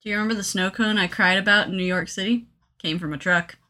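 A woman's voice: mid-range voice, steady tone, fast, bright, forceful tone. A young woman co-hosting a podcast, chatting casually about a movie, adding details and saying "like" often. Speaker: podcast co-host. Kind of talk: casual chat, retelling a movie.

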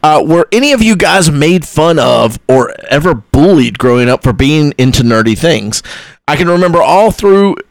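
Relaxed man reading questions, dry mic. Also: a little high, moderate pace, creaky, dry recording. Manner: relaxed, hesitant, with many fillers. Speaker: podcast host reading listener questions. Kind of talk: casual chat.

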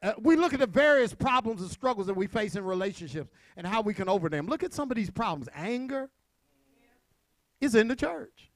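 A man preaching a sermon to his congregation, with call-and-response, shouted peaks and quiet asides. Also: high-pitched, expressive, fast, hardly any pauses, no echo. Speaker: pastor.

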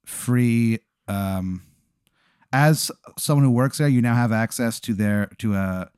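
A man's voice: mid-range voice, slow, darkish tone, smooth, no room sound, studio quality. A man hosting a podcast, rambling through an improvised comic hypothetical with plenty of fillers. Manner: rambling, full of fillers and restarts. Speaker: podcast host posing a hypothetical. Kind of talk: improvised comedy storytelling.

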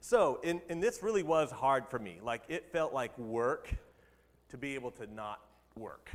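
A man's voice: mid-range voice, lively intonation, unhurried. Male pastor, mid voice, chatty sermon delivery, echoing sanctuary sound. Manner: conversational, laughs at his own jokes.

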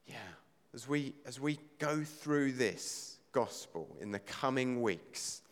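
A man's voice: medium pitch, animated, slow, in a large hall. A male pastor preaching a sermon in an earnest, conversational way, building to emphatic questions.

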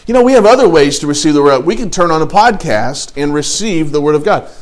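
A man preaching a sermon as pastor in a conversational way, often dropping to quiet asides. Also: on the high side, lively intonation, fast.

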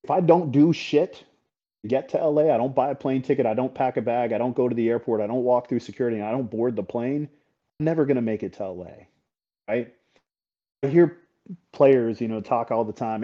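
Middle-aged male coach, very dark mellow voice, mid pitch, candid and profane. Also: a little fast. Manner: candid and blunt, swears freely, tag questions. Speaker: paintball team coach, podcast guest. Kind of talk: casual interview talk. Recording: slightly dull podcast audio.

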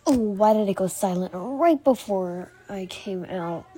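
A woman's voice: mid-range voice, animated, measured pace, warm tone, a little hiss or hum, lightly acted. A woman voicing a fart sneaking out in class, nervous and fretful.

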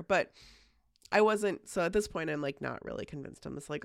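A woman's voice: low-pitched, normal speed, vocal fry, no room sound, studio quality. A woman hosting a podcast, telling a story in casual chat, full of "like" fillers and casual swearing. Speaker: podcast host.

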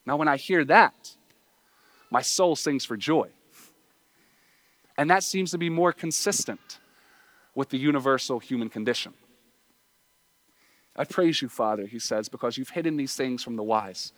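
A man preaching a sermon, earnest, moving between quiet, low passages and raised, pleading appeals. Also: measured pace, long pauses. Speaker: pastor.

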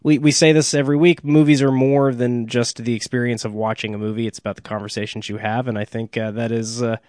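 A man's voice: mid-range voice, flat delivery, quick pace, darkish tone, no echo. Man, podcast co-host, rambling casual talk, dry sound. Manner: rambling, many restarts and filler uhs. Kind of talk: casual movie discussion and show plugs.

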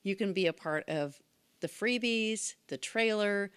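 A woman's voice: mid-range voice, unhurried, clear, resonant tone. A woman co-hosting a casual chat, talking in an enthusiastic, upbeat and rambling way.

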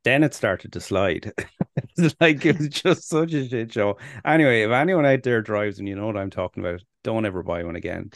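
A man's voice: lowish voice, lively intonation, a little fast, no echo, studio quality. Rambling, laughing Irish man. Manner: rambling, laughs a lot, swears freely. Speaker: podcast co-host. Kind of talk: casual chat.

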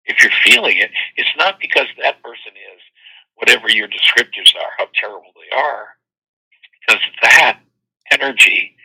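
A man hosting a spiritual talk show with call-ins, teaching and telling stories, with animated quoted voices. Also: on the low side, creaky, slightly rough, rough recording. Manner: storytelling, animated quoting voices. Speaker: host and workshop teacher.

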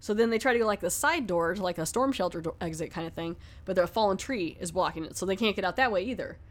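A woman's voice: on the low side, quick pace. A woman casually retelling a horror film's plot as a movie reviewer, rambling and filling with "like" as she goes. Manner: rambling, filler-heavy storytelling with frequent "like". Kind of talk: casual spoken film recap.

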